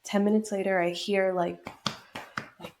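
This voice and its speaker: Young woman with a gravelly voice. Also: mid-range voice, flat delivery, unhurried, noisy background. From New York state. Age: young adult. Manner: reflective, many fillers and restarts. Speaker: podcast guest. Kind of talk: personal storytelling in an interview.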